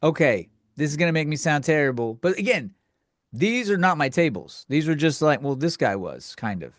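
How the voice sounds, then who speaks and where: A man's voice: on the high side, sing-song, dry recording, clean studio sound. A man hosting a podcast, delivering a comedic rant in a provocative, offhand way and brushing things off as jokes. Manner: provocative, offhand, quick to say just kidding. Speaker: podcast host.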